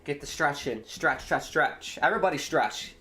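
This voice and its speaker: A man chatting casually on a live football watchalong stream, rambling between excited reactions to the match. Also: fairly high pitch, moderate pace, husky.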